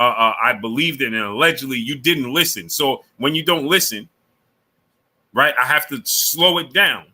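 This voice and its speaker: A man's voice: medium pitch, sharp tone. A man hosting a live boxing stream, lecturing a viewer, repeating himself and greeting chatters by name. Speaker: boxing channel host.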